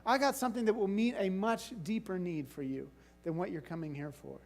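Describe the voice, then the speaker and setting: A man's voice: sits high, steady tone, a little fast, gravelly, faint music behind. Conversational man preaching a sermon. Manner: conversational, frequent "right?" and "like". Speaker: pastor.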